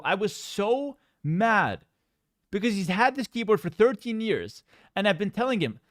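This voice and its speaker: Streamer guy telling a story, high bouncy voice, jokey fake-angry rants. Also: a little slow, dry recording. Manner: animated, joking, exaggerated mock outrage.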